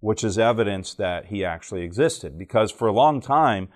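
A man's voice: on the low side, expressive, normal speed. A man from Alabama, giving a church teaching talk to a live audience. He tells jokey stories and keeps quizzing the listeners. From Alabama, southern United States. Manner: joking storyteller who quizzes the audience.

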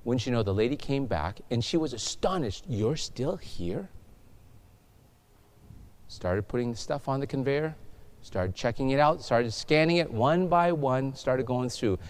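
A man's voice: medium pitch, normal speed. A man preaching a sermon, telling stories and putting questions to the congregation. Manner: animated storytelling, questions to the congregation. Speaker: pastor.

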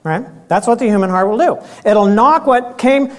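A man preaching a sermon, often clearing his throat and acting out dialogue in a raised voice. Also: high voice, moderate pace. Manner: animated, acts out dialogue with raised voice.

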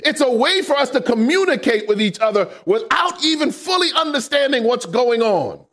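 Man, sermon, high voice, wide swooping pitch, emphatic shouting, rhetorical questions. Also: moderate pace. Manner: animated preaching with call-and-response questions. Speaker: preacher.

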